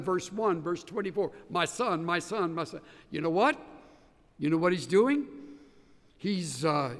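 A man teaching a Bible study class, emphatic and animated, walking his listeners through each step. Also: high-pitched, in a large hall.

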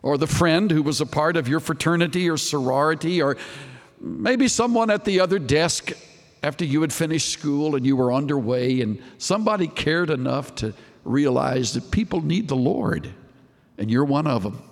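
A man preaching a sermon, earnest and searching, asking his listeners rhetorical questions and dropping low on the tag questions. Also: animated, normal speed, big-room sound.

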